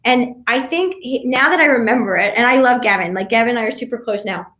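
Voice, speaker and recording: A woman guest on a podcast, telling a story in an animated way, with many restarts and acted-out quotes. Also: fairly high pitch, reverberant. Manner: talks fast with many restarts and fillers, acts out quotes. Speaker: podcast guest, reality show contestant.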